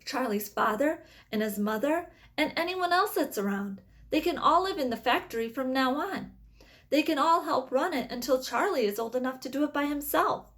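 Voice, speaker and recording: A woman reading aloud, voicing a whimsical, excitable man who makes candy, in a brisk, cheerful tone. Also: sits high, pitched above the performer's own voice.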